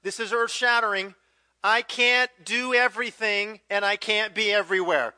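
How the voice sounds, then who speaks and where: Bright-voiced man in his fifties preaching. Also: high voice, fairly even intonation, moderate pace, no room sound. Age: 50s. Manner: conversational, jumps into loud acted quotes then drops to quiet emphasis. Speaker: pastor. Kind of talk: sermon.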